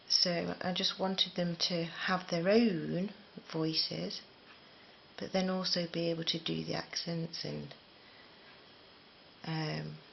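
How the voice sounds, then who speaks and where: A woman's voice: lowish voice, creaky, slight background noise. A middle-aged woman from England, rambling chattily and laughing at herself while teaching crochet. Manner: chatty, rambling, self-deprecating. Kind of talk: casual spoken tutorial. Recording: slightly dull lo-fi recording.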